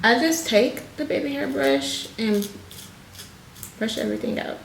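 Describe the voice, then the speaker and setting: A woman's voice: on the high side, unhurried, gravelly. A woman talking viewers through a wig install in a casual, chatty tutorial, calling them "y'all.". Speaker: hairstylist vlogger. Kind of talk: casual tutorial talk to camera. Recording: echoey room with faint noise.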